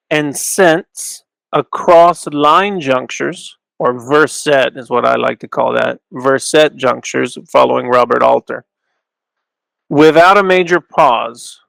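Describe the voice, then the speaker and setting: A man with a gravelly yet smooth, resonant voice teaches in a casual lecture style. He thinks aloud, restarts his sentences, and slows down to lean on key terms. The recording is dry and close, with no room sound. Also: on the high side, a bit bright, no room sound, low-quality recording. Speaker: Bible scholar teaching. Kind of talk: informal lecture with Hebrew recitation.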